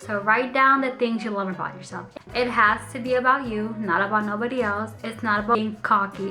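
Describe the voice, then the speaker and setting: A young woman talks straight to camera in a personal vlog, open and chatty with easy laughs. Her voice sits at an ordinary middle pitch, and she slows down and softens when things turn tender. Soft music plays faintly underneath. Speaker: vlogger.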